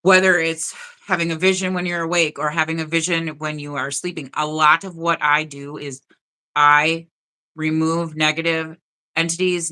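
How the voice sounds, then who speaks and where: A woman's voice: sits low, bright, forceful tone. A woman hosting a spiritual live stream, talking earnestly and directly to her viewers in casual chat.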